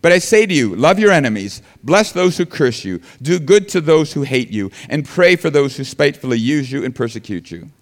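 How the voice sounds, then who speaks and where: A man's voice: fairly high pitch, sing-song, fairly quick, hardly any pauses, big-room sound. A man preaching a sermon earnestly, building emphasis and sometimes restarting his words. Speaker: pastor.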